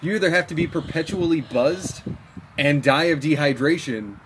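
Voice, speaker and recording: A man's voice: a little high, normal speed, a little hiss or hum. Exasperated, swearing young man from Texas. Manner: profane, exasperated storytelling, laughs often. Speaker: storyteller in a friends' chat. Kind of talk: casual chat.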